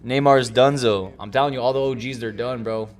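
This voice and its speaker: A young man hosting a stream, chatting loudly and joking in a rambling, casual way at a desk mic. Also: medium pitch, fairly even intonation, fairly quick. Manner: loud, joking, rambling banter. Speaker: streamer host. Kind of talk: casual chat.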